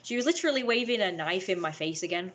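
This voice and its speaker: Speaking fast and animated, this young woman has a lowish, slightly bright voice in a reverberant space. On her livestream, captured by webcam or phone, she recounts a family conflict in a rambling, upset manner, often starting over.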